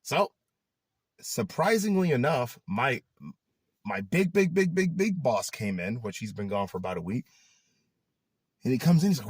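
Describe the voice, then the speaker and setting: A young man chatting in a casual vlog, animated and laughing often, who trails off into rambling asides. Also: medium pitch, a little fast, slightly rough, no echo, clean studio sound. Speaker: YouTuber.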